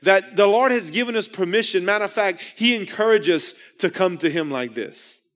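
Male preacher with a high voice, delivering an earnest sermon that builds to emphatic, repeated lines. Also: expressive, moderate pace, fairly bright tone. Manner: earnest, repeats and restarts phrases.

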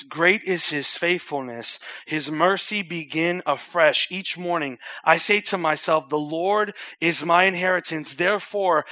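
A young man preaching a sermon as a pastor, repeating phrases urgently, then dropping to a hushed, intimate tone. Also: a little high, dry recording, studio quality. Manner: swings from loud urgent repetition to hushed near-whispered intimacy.

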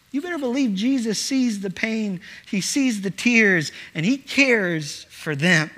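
A man's voice: high voice, sharp tone. A middle-aged male pastor preaching a sermon in an earnest way, often repeating words as he starts a phrase.

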